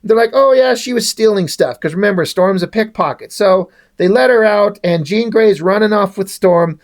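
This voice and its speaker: A man's voice: sits high, moderate pace, vocal fry. A man giving a casual, rambling comic book review in a sarcastic tone, swearing often.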